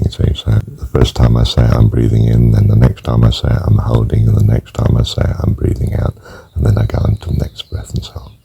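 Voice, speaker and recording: Older guy w a really deep gravelly voice, slow gentle breathing meditation, soft almost whispery counting. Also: poor audio. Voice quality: gravelly, husky voice. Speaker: spiritual teacher.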